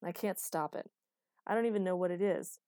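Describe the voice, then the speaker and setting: A man's voice: high voice, brisk, warm tone, no room sound. A woman reading the lines of an agitated male official in an audiobook, in a dry recording. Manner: agitated, exasperated. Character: tense, irritated male government official.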